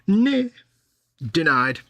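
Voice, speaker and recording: A man's voice: high-pitched, big pitch swings, drawn-out words, fairly bright tone, no room sound. A man co-hosting a live model-building stream, playful and silly, punning and laughing at himself. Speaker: livestream co-host. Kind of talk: casual banter while model building.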